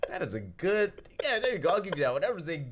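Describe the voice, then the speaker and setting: A man co-hosting a casual film review podcast, talking in an animated way and acting out lines from the movies. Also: high voice, fast talker, a little hiss or hum. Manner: animated, acts out quotes in lively voices. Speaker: podcast co-host.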